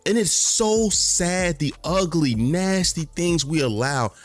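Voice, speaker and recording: A man's voice: takes it slowly, no echo, faint music behind. Fired-up man ranting on a dry mic. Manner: animated, passionate, swings from high-pitched outrage to low muttering, uses slang. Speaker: commentary vlogger. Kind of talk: casual commentary rant.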